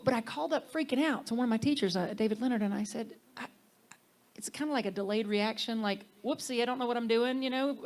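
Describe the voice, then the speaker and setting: Woman minister preaching with soft dips. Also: mid-range voice. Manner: warm conversational preaching, dropping to soft near-whispers for emphasis. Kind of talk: sermon.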